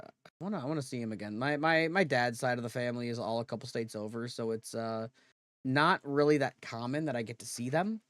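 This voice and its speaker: Relaxed rambling man chatting on stream. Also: medium pitch, dry recording, clean studio sound. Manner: rambling, relaxed, repeats himself and self-corrects. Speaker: livestreamer. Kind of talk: casual chat.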